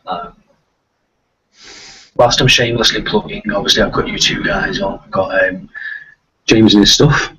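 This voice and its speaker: A man's voice: on the low side, moderate pace, pauses often, crowd noise. A man with a light Liverpool accent hosting a casual live-stream chat. He rambles, with many fillers and restarts. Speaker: host of a live video chat. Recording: muffled, distant, lo-fi stream audio.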